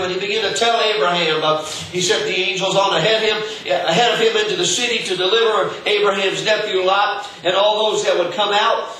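Preaching a sermon, this high-pitched male pastor sounds bright and forceful but halting, frequently stumbling and repeating words as he works out what to say. The mic picks him up from a distance in a very reverberant room with faint noise behind him.

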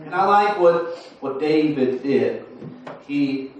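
Forties guy preaching, rambly folksy stories, slightly high voice, echoey hall from far off. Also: animated, slow pace, muffled recording. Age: 40s. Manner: folksy storytelling with many fillers and restarts. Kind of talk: sermon. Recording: roomy far-off sound with faint noise.

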